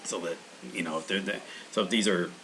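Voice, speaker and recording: A man's voice: low voice, fairly even intonation, brisk, a bit bright, poor audio. A man hosting a language-learning channel, talking in a meandering, casual monologue full of restarts.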